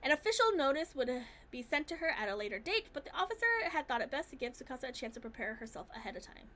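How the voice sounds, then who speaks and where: A woman's voice: sits high, big pitch swings, fast, bright, forceful tone, a little hiss or hum. A woman streamer reading a game's narration aloud live, with small slips. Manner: reads with small slips and restarts.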